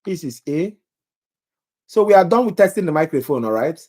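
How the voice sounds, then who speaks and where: A man's voice: fairly high pitch, lively intonation, normal speed, dark tone. Male tutor for a live nursing exam-prep review, quizzing viewers and reading out answer options. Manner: quizzes viewers, reads options aloud, jokes about his accent.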